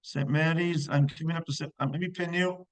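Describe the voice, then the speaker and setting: A man's voice: a little high, steady tone, a little fast, no echo, low-quality recording. A man teaching physics in a live online class, checking students' answers with encouragement and working through problems step by step.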